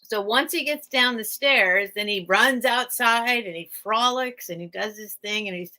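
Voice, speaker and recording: Casting note: American woman, livestream sale host, bright forceful tone, chatty and rambling. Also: a little high, a little slow. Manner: rambling, chatty, laughs often. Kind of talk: casual livestream chat.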